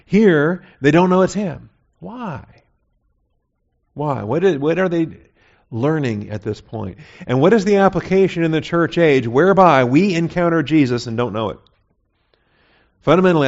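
A man's voice: medium pitch, darkish tone. Conversational preacher man, muffled recording. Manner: conversational, asks rhetorical questions, frequent "okay?" check-ins. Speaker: pastor teaching a Bible study. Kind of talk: expository sermon. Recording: slightly muffled, dull recording.

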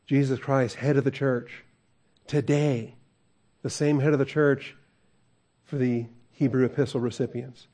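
A man's voice: medium pitch, fairly even intonation, measured pace, long pauses, mellow. A man preaching a conversational verse-by-verse sermon as a pastor, asking the congregation questions and chuckling often.

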